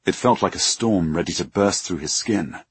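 Male fantasy audiobook narrator, very deep and husky, dry close recording. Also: moderate pace, no echo.

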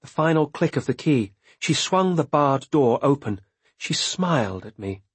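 A man narrating a story in a measured, expressive reading voice. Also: fairly high pitch, breathy edge, no room sound. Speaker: audiobook narrator. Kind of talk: scripted narration.

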